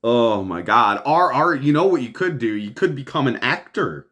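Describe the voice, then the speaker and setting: A man's voice: mid-range voice, expressive, normal speed, a bit bright. A man hosting a podcast, ranting over the news in a profane, exasperated way and laughing often. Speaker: podcast host.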